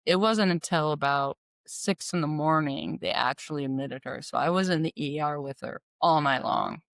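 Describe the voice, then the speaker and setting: A woman's voice: deep voice, normal speed, creaky, no echo. A middle-aged woman earnestly retelling a personal story, acting out the dialogue as she goes.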